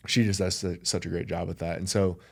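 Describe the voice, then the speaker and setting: Male guest, very low voice, earnest reflective chat. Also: little pitch movement, a little fast, vocal fry. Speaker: podcast guest. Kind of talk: casual conversation.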